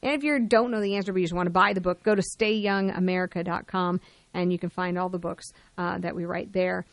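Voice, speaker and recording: A woman's voice: on the low side, fairly even intonation, fast talker, no echo. A woman co-hosting a radio health show, chatty and teasing, laughing often. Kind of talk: casual radio chat.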